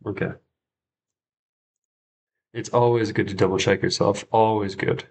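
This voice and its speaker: A man's voice: fairly low pitch, fairly even intonation, unhurried, creaky, a little mellow. A man hosting a casual livestream study session, thinking aloud and repeating words as he checks himself. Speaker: French learner and livestream host.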